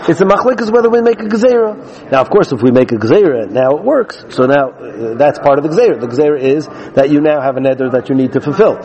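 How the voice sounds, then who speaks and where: A man's voice: a little high, animated, fast, a little mellow, muffled recording. A man teaching a Talmud class, reading out Aramaic lines and then explaining them in English.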